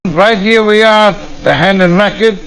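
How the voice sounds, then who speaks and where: A man's voice: sits high, moderate pace, a bit bright, clean tone, poor audio. A man with a Cockney accent voicing a blunt, wry working-class sidekick in an AI-voiced comedy sketch. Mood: mocking.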